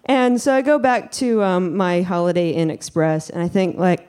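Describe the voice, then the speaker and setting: A woman's voice: lowish voice, normal speed, hardly any pauses, darkish tone, clean tone. A young woman telling a personal story to an audience, chatty and wry, with many fillers.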